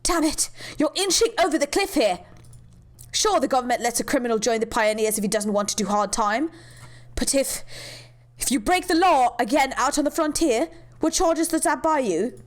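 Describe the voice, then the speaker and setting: A woman's voice: sits high, expressive, normal speed. A woman voicing a stern female police officer with an American accent, scolding and sarcastic in a game cutscene.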